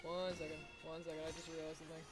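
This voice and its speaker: A woman streaming a racing game, chatting casually with viewers and cheering on her runners with excitement. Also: sits low, rapid-fire, loud music behind the voice.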